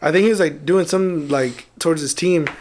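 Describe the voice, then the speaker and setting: A man's voice: a little high, fast talker, a little mellow, slight background noise. A man who is a podcast guest, chatting casually with a laid-back, joking, profane manner. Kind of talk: casual chat.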